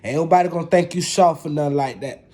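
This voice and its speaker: A man's voice: on the high side, quick pace, mellow. A man, chatting casually to viewers in a laid-back way while he cooks. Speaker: home cook. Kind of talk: casual cooking vlog.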